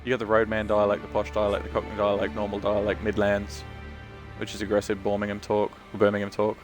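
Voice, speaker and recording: Low-voiced streamer, chatty. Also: male voice, completely flat delivery, quick pace, over music. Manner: chatty, sweary, talks about accents. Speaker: game streamer. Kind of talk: casual stream chat.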